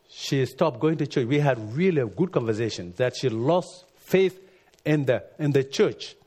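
Husky-voiced preacher, earnest and emphatic. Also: male voice, darkish tone. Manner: earnest, rising to emphatic peaks then dropping low. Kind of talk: sermon.

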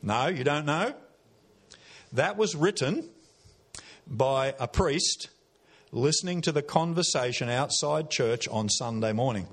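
A man's voice: a little high, expressive, slow, long pauses. An Australian man preaching a sermon in a church, folksy and conversational, with repeated phrases and questions to the congregation.

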